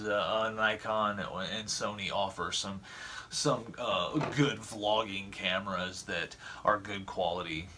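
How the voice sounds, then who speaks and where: Bright-voiced rambling male vlogger. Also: fairly low pitch, a little hiss or hum. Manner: rambling, stumbling over repeated words; chatty, talking straight to viewers. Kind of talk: casual vlog chat.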